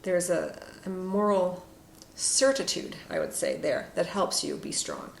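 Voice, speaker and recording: A woman giving a casual, reflective spoken tarot reading with frequent fillers and soft asides. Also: lowish voice, unhurried, creaky. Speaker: tarot card reader. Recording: echoey room with faint noise.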